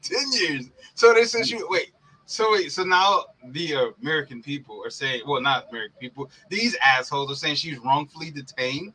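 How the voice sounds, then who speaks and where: A man's voice: on the high side, lively intonation, moderate pace, pushed and bright, breathy edge, rough recording. A young man co-hosting a casual sports podcast, heated and profane, ranting and laughing as he talks. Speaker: podcast co-host.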